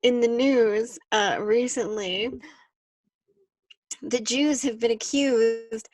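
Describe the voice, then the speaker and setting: Young woman cohost, kinda high voice, slow with ums, dry sound. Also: no room sound, rough recording. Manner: relaxed, drawn-out, hesitant with ums. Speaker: podcast co-host. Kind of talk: casual chat.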